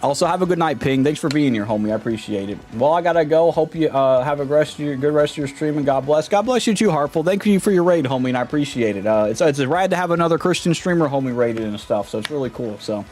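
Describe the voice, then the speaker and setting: A man's voice: on the high side, expressive, fast talker, few pauses, a little mellow, soft background music. A man livestreaming a game, chatting casually in a laid-back, slangy way and greeting viewers. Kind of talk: casual live-stream chat.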